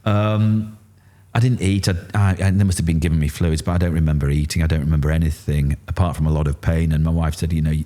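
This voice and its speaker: A middle-aged man with a Yorkshire accent, telling his story candidly in an interview and acting out what others said. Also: fast talker. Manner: animated, acts out quotes with rising pitch. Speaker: interview guest.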